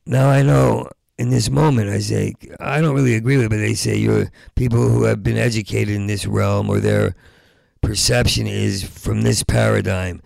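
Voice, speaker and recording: Gravelly guy doing standup, stammery rambling rants, dry close mic. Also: lowish voice, dry recording. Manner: rambling, stuttering restarts, rising into loud rants. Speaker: stand-up comedian. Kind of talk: stand-up comedy set.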